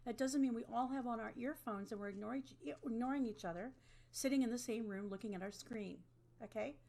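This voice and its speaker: A woman's voice: on the high side, a little fast, vocal fry, mellow. A woman teaching an online class to a webcam, talking in a conversational way and often checking in with "okay?". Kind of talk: online lecture.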